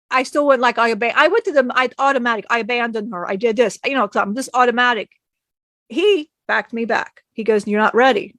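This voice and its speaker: High-voiced woman telling a heartfelt story. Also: fairly bright tone, no echo. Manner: rambling, quotes others, laughs often. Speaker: channeler speaking as a spirit. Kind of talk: emotional personal storytelling.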